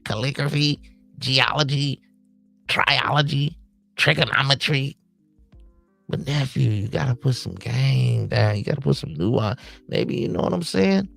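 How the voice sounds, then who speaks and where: A man's voice: medium pitch, animated, unhurried, vocal fry, fairly bright tone, soft background music. A man hosting a late-night podcast stream in a casual monologue, handing out streetwise, preachy advice to the young men he calls his nephews. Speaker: podcast host.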